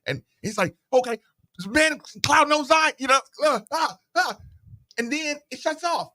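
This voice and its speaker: With a very high-pitched voice and a measured pace, a middle-aged sports radio host tells casual, spirited stories into his studio microphone. He performs the voices of the people he quotes.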